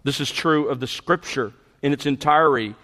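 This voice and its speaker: A man's voice: medium pitch, moderate pace, fairly bright tone. A middle-aged man preaching a sermon, explaining scripture and building to emphatic peaks. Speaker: pastor. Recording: long hall reverb.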